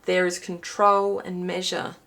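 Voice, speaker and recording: A woman's voice: on the low side, little pitch movement, a little slow, vocal fry, a bit bright. A woman giving a pick-a-card reading to viewers, chatty and thinking aloud as she pulls cards while filming herself. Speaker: intuitive card reader. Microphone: filming herself while watching a small screen.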